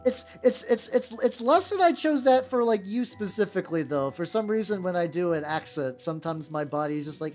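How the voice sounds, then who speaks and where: Lively rambling woman streamer. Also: lowish voice, fairly quick, hardly any pauses. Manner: rambling and chatty, swears freely, restarts often. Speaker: miniature painting streamer. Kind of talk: casual livestream chat while painting. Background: faint background music.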